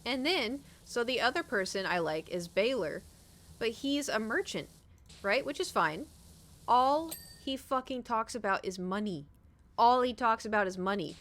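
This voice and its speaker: Her voice is fairly high and a little slow as this woman streamer chats through her gameplay. She curses, rambles, and tells her stories with plenty of animation.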